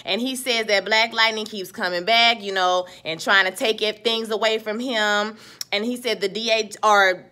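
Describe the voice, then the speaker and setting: A woman's voice: mid-range voice, steady tone, moderate pace, pushed and bright. A woman giving a sassy, slangy, casual recap of a TV episode, talking straight to her viewers.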